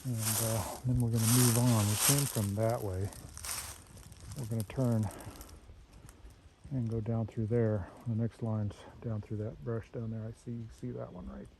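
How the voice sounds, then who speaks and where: A man's voice: fairly low pitch, fairly even intonation, gravelly. Man narrating outdoors on a camera mic. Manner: halting, pointing things out with many fillers. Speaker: vlogger marking property boundary trees. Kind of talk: casual how-to narration while working. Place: outdoors in woods. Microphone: handheld camera mic. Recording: outdoor camera audio with background noise. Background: outdoor nature sounds.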